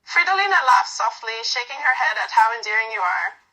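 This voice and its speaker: A woman reading a second-person romance story aloud in a soft, unpolished way with fillers. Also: fairly high pitch, very animated, a little fast, low-quality recording. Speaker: story narrator.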